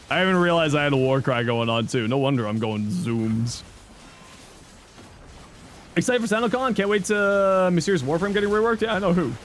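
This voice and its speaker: A man's voice: on the high side, animated, moderate pace, long pauses, a little hiss or hum. A man in his thirties casually chatting on a game stream, answering chat with loose jokes and mild swearing. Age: 30s.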